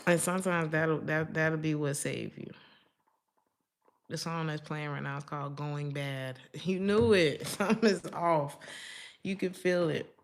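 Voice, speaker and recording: A woman's voice: deep voice, fairly even intonation, a little slow. A woman giving a casual tarot reading to her viewers, chatty and slangy, laughing often between her thoughts. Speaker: tarot reader.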